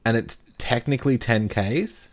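A man's voice: mid-range voice, normal speed. A young Australian man bantering on a podcast, blunt and crude, joking and swearing freely. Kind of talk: casual chat.

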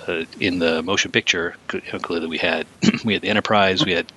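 A man's voice: sits low, fairly even intonation, fast, sharp tone, husky. A man co-hosting a podcast, chatting casually about a film and often laughing while acting out lines. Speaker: podcast co-host.

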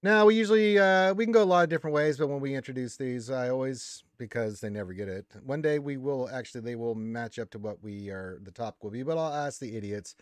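A man hosts a loose podcast hangout, rambling along and ribbing his guests. His voice sits at a middling pitch and sounds dry and close, with no room around it. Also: fast, few pauses, dry recording. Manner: joking, rambling, teasing the guests. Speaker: podcast host. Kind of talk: casual chat.

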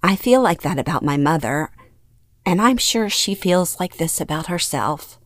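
A middle-aged woman from Louisiana reading her own memoir aloud in first person, earnest and emotionally expressive. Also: fairly low pitch, moderate pace, dry recording, clean studio sound. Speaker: memoir narrator.

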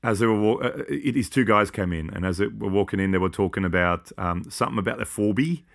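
A man's voice: lowish voice, gravelly, a bit bright. A man with an Australian accent, co-hosting a podcast in casual, rambling chat full of jokes and side notes. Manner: joking, rambling, quick asides. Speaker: podcast co-host.

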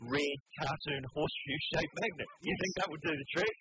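A man's voice: a little high, moderate pace, heavy background noise. A man with an Australian accent hosting a casual radio chat show, telling stories in a wry way. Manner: wry, storytelling, mimics others. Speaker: radio host. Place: radio studio.

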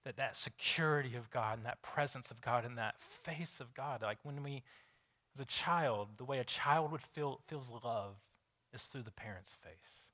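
A man's voice: mid-range voice, normal speed, sharp tone. A man in his thirties preaching a sermon in a conversational, storytelling way, often restarting sentences. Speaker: pastor.

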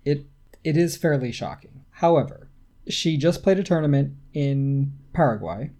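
A man's voice: a little high, animated, moderate pace, warm tone. A man co-hosting a casual podcast, amused and laughing often as he chats. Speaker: podcast co-host.

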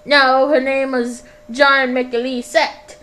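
A woman's voice: high-pitched, little pitch movement, slow, sharp tone, heavily acted. A woman voicing a scrappy, self-pitying young man in a homemade radio sketch. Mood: indignant. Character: scrappy young man wandering a city sidewalk.

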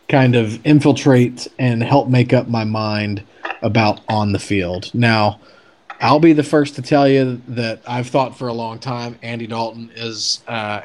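Man, casual storyteller, talks loosely with fillers, mid-pitched. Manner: chatty, many fillers and restarts. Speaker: podcast guest telling a story.

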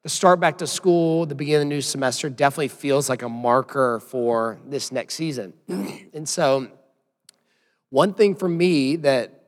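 Man, pastor, hoarse voice, 30s, casual rambling church talk, long hall reverb. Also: medium pitch, moderate pace. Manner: casual, rambling, self-deprecating asides. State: hoarse from yelling while coaching. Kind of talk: church announcements and sermon opening.

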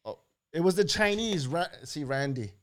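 A man's voice: on the high side, expressive, normal speed. A man co-hosting an online talk show in loose, joking chat, swearing freely and laughing often. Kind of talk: casual chat.

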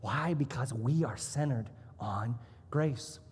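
Pastor guy preaching, husky voice, punches words up and down, big reverby church hall. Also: medium pitch, slow pace, a little mellow. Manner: emphatic, rising and dropping for emphasis. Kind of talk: sermon. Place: church sanctuary.

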